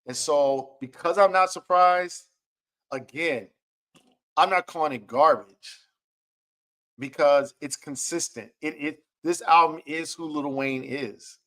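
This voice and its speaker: A middle-aged music producer gives casual, chatty commentary in a fairly bright, high-leaning voice, taking it slowly. He keeps checking in with listeners by repeating "okay?" and acts out quotes.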